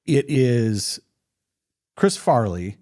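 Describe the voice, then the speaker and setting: Speaking very slowly with a darkish tone, a medium-pitched man swings widely in pitch as he hosts a podcast. He's from northern Minnesota, with a Minnesotan accent, and his casual chat is opinionated and rambling, with frequent restarts.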